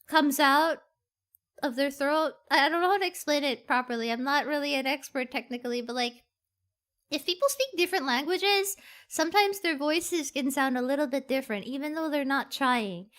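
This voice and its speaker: Brief: high bright female streamer, animated and rambling, faint game music under. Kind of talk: excited gaming stream commentary.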